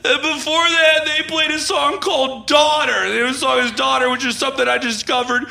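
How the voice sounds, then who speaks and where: A man playing a heartbroken, frantic male rock radio DJ who shouts announcer lines while breaking into sobs. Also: very high-pitched, steady tone, normal speed, vocal fry, echoey room, exaggerated voice. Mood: sobbing announcer.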